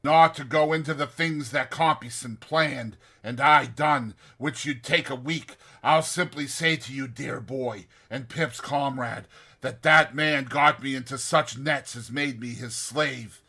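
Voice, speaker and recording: A rough old convict recounts his past in blunt, ungrammatical old-fashioned speech, as a man reads him in an audiobook. The voice is bright and keen, at an ordinary middle pitch. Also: a little slow, exaggerated voice. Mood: grim. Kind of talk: audiobook reading.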